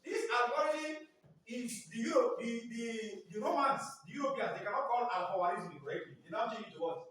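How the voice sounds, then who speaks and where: High-voiced male teacher, echoey room. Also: fairly quick, fairly bright tone. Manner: repeatedly prompts the class to fill in words. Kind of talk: classroom lecture with call-and-response questions. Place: classroom. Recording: echoey classroom from far off.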